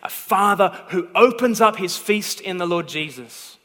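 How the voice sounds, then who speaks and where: A man preaching a sermon with a high, bright, forceful voice. He tells a story emphatically and keeps pausing to check that his listeners are following. His words ring out with a long reverb from the hall. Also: expressive. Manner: emphatic storytelling, repeated "okay?" check-ins.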